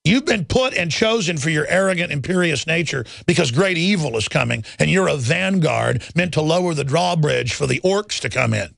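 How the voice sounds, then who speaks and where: A man's voice: on the high side, lively intonation, moderate pace, creaky, hardly any pauses, fairly bright tone, no room sound. A man hosting a radio talk show, ranting intensely about the government and taking calls.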